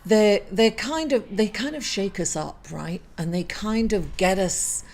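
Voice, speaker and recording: A middle-aged woman reading weekly horoscopes, emotional after a loss and halting, with many fillers and apologies. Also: medium pitch, a little mellow. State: emotional, grieving. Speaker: astrology reader.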